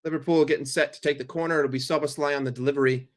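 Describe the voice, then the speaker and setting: A man streaming a football watchalong, calling the play for his chat in a blunt, profane, excitable way. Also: fairly high pitch, rapid-fire. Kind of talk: live play-by-play commentary for a chat.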